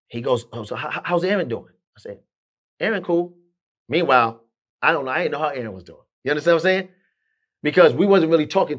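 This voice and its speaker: A middle-aged man telling a story in an interview, acting out the voices of the people he quotes. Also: on the high side. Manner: animated, acts out quoted dialogue.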